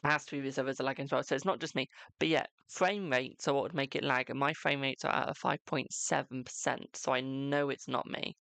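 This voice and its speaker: A British man with a gravelly, creaky voice, chatting casually on a live stream. He is talkative and self-mocking and swears now and then. The sound is dry and close, with no room echo. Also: medium pitch, steady tone, fast talker, few pauses, pushed and bright. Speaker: tarot reader and live streamer.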